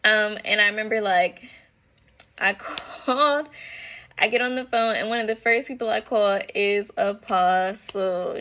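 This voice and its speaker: A woman's voice: fairly high pitch, a little slow, fairly bright tone. Young woman talking to her viewers, casual and candid, says "like" a ton, slangy. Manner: casual, frank, filler-heavy with lots of "like"; slang-flavored, addresses viewers as "y'all". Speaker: vlogger. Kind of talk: personal storytelling to camera.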